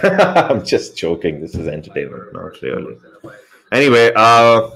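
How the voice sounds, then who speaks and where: Lower-voiced man doing rambling live commentary. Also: sing-song, a little slow, creaky, fairly bright tone, slightly rough. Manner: rambling, joking asides, corrects himself mid-sentence. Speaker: cricket commentator. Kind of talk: live cricket commentary hangout.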